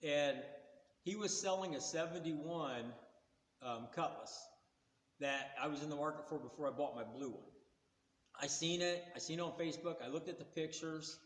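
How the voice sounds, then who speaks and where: Man, sixties, casual storyteller, folksy and rambling, slightly high voice, roomy sound, long reverb tail. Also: normal speed. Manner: rambling, folksy, plain-spoken. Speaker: car vlogger.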